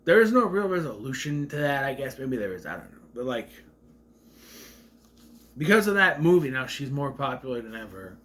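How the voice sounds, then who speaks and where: A man's voice: mid-range voice, sing-song, moderate pace, a bit bright. A man giving a casual, rambling movie rant, with a slight stutter, acting out quotes in raised voices. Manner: mentions a stutter. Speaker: movie reviewer.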